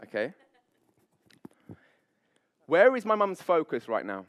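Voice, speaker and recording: A man, a public speaking coach, leading a live seminar on stage with high energy, playful banter and frequent laughs. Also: huge pitch swings, takes it slowly, fairly bright tone, no room sound. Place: event stage before an audience.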